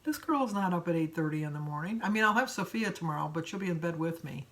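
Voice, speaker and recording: A woman's voice: on the low side, expressive, fast, a bit bright. An older woman from Michigan telling a long, rambling everyday story as a vlogger. She chats casually and laughs between sentences. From Michigan, USA.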